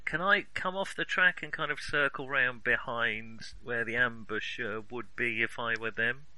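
A man's voice: mid-range voice, moderate pace, poor audio. A man playing his character in a tabletop game, joking around and describing his moves. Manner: playful, lively. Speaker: player. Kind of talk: casual tabletop play.

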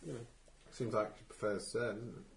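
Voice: mid-range voice, level tone, fairly quick, echoey room. A tabletop player speaking in character as a deferential, bumbling servant. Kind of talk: casual tabletop play.

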